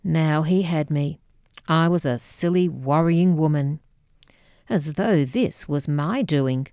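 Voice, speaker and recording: A woman narrating her own memoir as an audiobook, measured and wry. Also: low voice, warm tone, clean tone, dry recording, clean studio sound.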